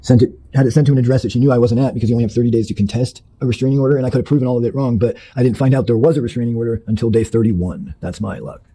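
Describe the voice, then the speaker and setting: A man's voice: medium pitch, steady tone, very fast, hardly any pauses, warm tone, slight background noise, rough recording. A man telling his life story in an interview, blunt and profane, rambling with fillers and restarted sentences. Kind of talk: candid personal storytelling.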